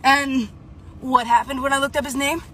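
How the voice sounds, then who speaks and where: A woman's voice: sits high, level tone, normal speed, a bit bright, slight background noise. A woman telling a storytime with a wry, incredulous manner.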